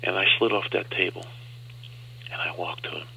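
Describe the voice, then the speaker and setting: A man's voice: low voice, fairly even intonation, moderate pace, creaky, pushed and bright, slight background noise. A man, a comedian guest on a radio interview show, telling a story and acting out the other voices in it. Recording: dull lo-fi radio sound.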